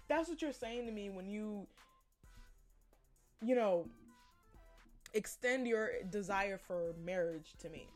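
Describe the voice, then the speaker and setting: A woman's voice: medium pitch, animated, slow pace, pauses often, darkish tone, soft background music. A woman hosting a podcast, giving her opinions in a blunt, profane, casual monologue and laughing often. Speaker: podcast host.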